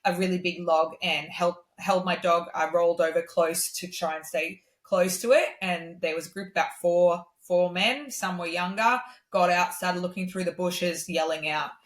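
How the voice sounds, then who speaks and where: A woman's voice: on the low side, moderate pace, few pauses. Earnest woman, roomy sound. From Australia. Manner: candid, earnest storytelling. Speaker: guest singer-songwriter. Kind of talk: casual conversation. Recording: roomy echo.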